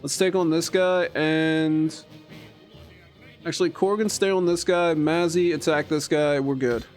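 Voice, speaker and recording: An excitable man gives casual commentary while he plays a game. His talk swings from quiet muttering to bursts of glee, his voice sits slightly high, and faint game music plays behind him. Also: measured pace. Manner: chatty and excitable, jumping between mutters and gleeful outbursts. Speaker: streamer.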